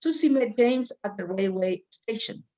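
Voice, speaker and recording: Lively-voiced woman teaching English grammar. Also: on the high side, moderate pace. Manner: reads example sentences aloud and calls on students by name. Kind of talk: online English grammar class.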